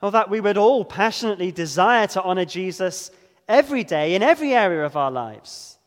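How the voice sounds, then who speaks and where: Emphatic high-voiced male preacher. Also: animated, big-room sound. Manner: earnest, emphatic, slows down on key words. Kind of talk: sermon.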